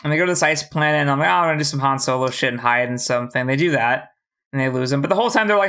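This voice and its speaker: A podcast co-host rattling through a TV episode recap in loose, casual chat. The delivery is profane and animated, slipping into quick acted-out lines for the characters. Pitch sits in an ordinary middle range. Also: clear, resonant tone.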